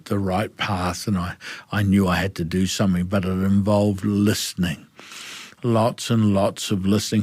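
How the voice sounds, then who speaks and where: A man's voice: on the low side, dry recording, studio quality. A middle-aged man with a New Zealand accent, a guest speaking frankly in an interview and acting out the dialogue of his stories. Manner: animated storyteller acting out dialogue. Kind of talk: candid interview storytelling.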